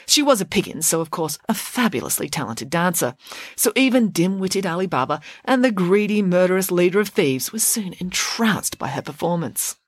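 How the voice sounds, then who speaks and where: A woman reads a bedtime story aloud with expressive, animated delivery, her voice rising and falling with the tale. The recording is dry and close, with no room sound. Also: lowish voice, normal speed, no room sound.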